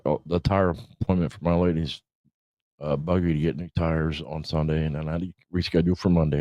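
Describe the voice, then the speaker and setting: A man's voice: low-pitched, darkish tone, dry recording. A middle-aged man hosting a casual livestream, rambling, swearing and laughing as he talks. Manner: rambling, profane, laughs often. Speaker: podcast host. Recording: dull lo-fi stream audio.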